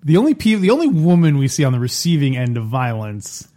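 A man's voice: medium pitch, big pitch swings, quick pace, mellow. A man co-hosting a podcast, bantering in a jokey, casual way. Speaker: podcast co-host.

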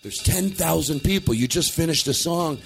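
A man's voice: on the high side, moderate pace, gravelly, faint music behind. A man hosting a comedy podcast, bossily directing an improvised bit and laughing often.

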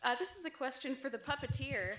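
A woman in the audience asks a question politely in a soft-spoken, slightly high voice. Echo surrounds her, and heavy background noise rides under the recording. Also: lively intonation, brisk. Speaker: audience member asking a question. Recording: echoey venue, noisy.

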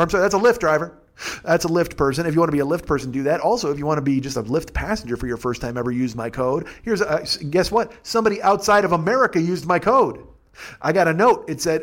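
A man hosting a casual podcast, ranting and swearing with sarcasm and mocking little impressions of other people. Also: a little high. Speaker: podcast host.

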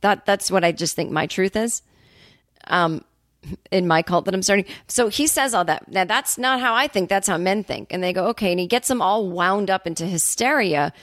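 A woman hosting her own podcast, talking casually in a rambling, profane, sarcastic monologue full of quick asides. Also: mid-range voice, no room sound, clean studio sound. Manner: animated storyteller, quick asides. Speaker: comedian podcast host.

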